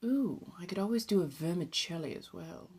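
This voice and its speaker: This is a woman from Southern California with a fairly low voice, chatting loosely on a phone live stream. Her ASMR talk is relaxed and easygoing, and she drops into breathy whispers between her normal lines. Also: moderate pace. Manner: chatty and relaxed, drifts into soft whispered asides, casual swearing.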